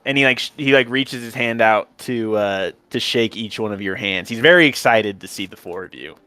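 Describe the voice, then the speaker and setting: Male game master with a clear, dry voice and easygoing narration. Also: on the low side, fairly quick, sharp tone, dry recording. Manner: casual, filler-heavy narration.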